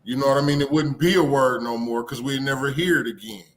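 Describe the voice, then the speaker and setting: A man co-hosting a casual talk show, relaxed and often asking "you know what I mean". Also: mid-range voice, quick pace. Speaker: co-host.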